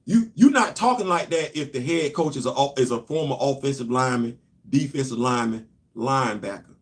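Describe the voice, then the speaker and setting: A man hosting a casual live-stream show, animated and laughing often as he chats about football. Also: medium pitch, fairly quick. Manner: animated, laughing often, Southern colloquial talk. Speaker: show host.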